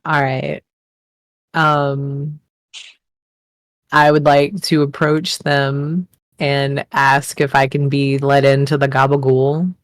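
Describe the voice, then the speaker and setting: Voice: medium pitch, flat delivery, takes it slowly, no echo. A player in a tabletop game describing her character's actions in a hesitant, polite way. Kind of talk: tabletop game role-play over a call.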